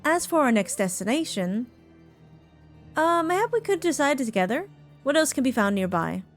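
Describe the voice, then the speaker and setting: A woman's voice: high-pitched, sing-song, normal speed. A woman voicing a courteous, formal city guide who describes the sights in stately, old-fashioned phrasing, with faint game music behind her. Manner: stately, courteous narration of a tour.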